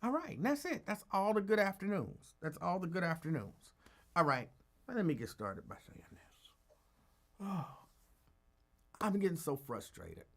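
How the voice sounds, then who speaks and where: Tired guy hosting a chill live show, kinda higher voice, rambly and calm. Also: normal speed. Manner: easygoing, greets listeners by name, rambling; calm, holding back from yelling. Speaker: talk show host. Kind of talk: casual live-stream chat.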